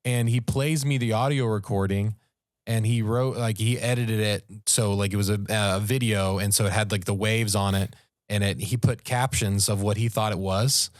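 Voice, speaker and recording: A man, a podcast co-host, telling a story in casual, animated talk and raising his voice at the tense moments. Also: on the low side, moderate pace, dry recording, studio quality. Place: podcast studio.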